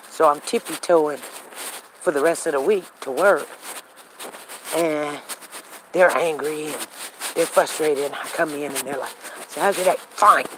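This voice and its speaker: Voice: mid-range voice, slight background noise, poor audio. A show host telling a personal story in a casual, rambling way and acting out conversations. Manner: rambling with frequent restarts. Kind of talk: casual talk monologue.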